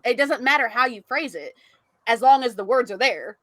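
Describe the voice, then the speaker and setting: A woman's voice: a little high, lively intonation, brisk, fairly bright tone, no room sound. A woman hosting a podcast, chatting casually, laughing often and reading out chat comments. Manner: chatty, giggly, reads chat comments aloud. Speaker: podcast host. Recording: dry close mic.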